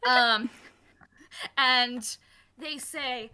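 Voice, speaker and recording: A woman's voice: a little high, a little slow, sharp tone. A woman narrating as game master of a tabletop game, chatty and rambling with lots of fillers.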